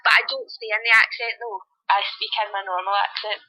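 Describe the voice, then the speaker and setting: A young woman, an actress, chatting in an interview, self-deprecating and quick to laugh. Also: mid-range voice, steady tone, dull audio. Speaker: actress guest. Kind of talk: casual interview chat. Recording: podcast recording.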